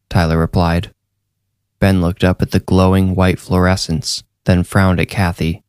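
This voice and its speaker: A man narrating a horror story in a measured, deliberate scripted read. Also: deep voice, level tone, darkish tone, no echo, clean studio sound.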